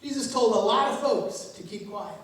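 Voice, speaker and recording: A woman pastor in her fifties preaching a sermon in a relaxed, humorous way, laughing along with her own jokes. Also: a little high, normal speed. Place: church sanctuary. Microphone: distant room mic. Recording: very echoey church from far off.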